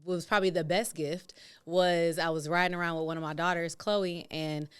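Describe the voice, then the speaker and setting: A woman in her thirties, a podcast guest, chatting openly and laughing often, her voice jumping up when excited. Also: normal speed, clean tone. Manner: open, laughing, jumps high when excited. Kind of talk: casual podcast chat.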